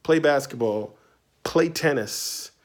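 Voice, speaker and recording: A man from Tidewater Virginia answers reader questions from his writing studio in a casual video Q&A. He's playful and chatty, speaking slowly in a mid-range voice.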